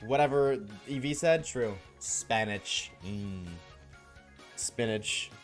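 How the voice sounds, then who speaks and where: A man's voice: mid-range voice, slow, soft background music. A man streaming live, chatting casually and joking with his viewers, often laughing.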